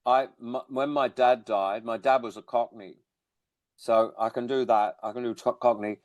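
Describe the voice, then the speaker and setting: A man's voice: mid-range voice, steady tone, moderate pace, no room sound, dull audio. Man, rambling, wry humor, dry close sound. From born in England, raised in Australia. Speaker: musician guest. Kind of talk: casual interview chat.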